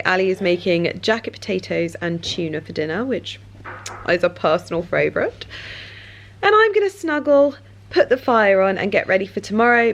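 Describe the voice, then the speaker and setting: A young woman chatting casually in a vlog, animated, with bursts of high baby talk to her dog. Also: gravelly. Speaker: vlogger.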